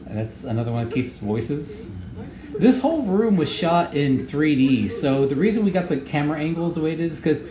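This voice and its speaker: A man's voice: a little high, lively intonation, crowd noise. Rambling man in an echoey room. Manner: rambling, halting with many fillers and repeated words. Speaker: show creator giving commentary. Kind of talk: casual audio commentary. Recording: echoey room with faint noise.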